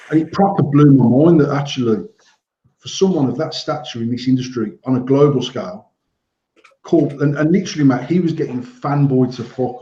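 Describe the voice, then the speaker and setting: A man co-hosting a casual podcast chat, animated and swearing, laughing often. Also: mid-range voice, a little hiss or hum. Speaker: podcast co-host. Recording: roomy, dull lo-fi sound.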